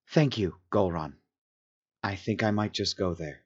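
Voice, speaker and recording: A man voicing a blunt, tired human woman who talks in a direct, sharp-tongued way. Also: low-pitched, a little slow, husky, lo-fi sound. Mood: grateful.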